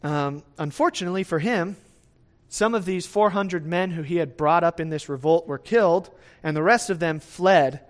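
A man preaching a sermon in a conversational way, often checking in with his listeners. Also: fairly high pitch. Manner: lively swings in loudness, speeds up and slows down. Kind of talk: sermon, verse-by-verse teaching.

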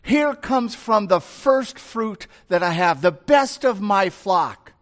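A man's voice: sits high, animated, takes it slowly. A man preaching who voices a devoted young shepherd gushing with thanks. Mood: adoring.

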